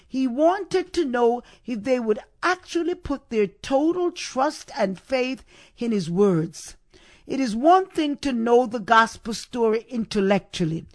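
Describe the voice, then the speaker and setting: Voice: medium pitch, dry recording, studio quality. A preacher giving a sermon, stressing points and repeating key questions for emphasis.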